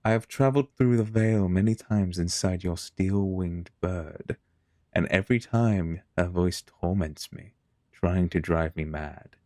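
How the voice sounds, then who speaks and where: A man's voice: deep voice, warm tone, dry recording. A man voicing an aloof, haunted female alien seer from a video game, speaking formally. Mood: troubled. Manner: formal, measured speech. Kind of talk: reading game dialogue aloud.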